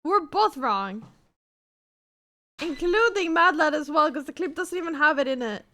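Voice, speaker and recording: A woman's voice: high voice, lively intonation, normal speed, sharp tone. A woman livestreamer chatting casually with her viewers, greeting them by name and teasing them with plenty of swearing. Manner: profane, teasing banter with chat. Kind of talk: casual live-stream chat.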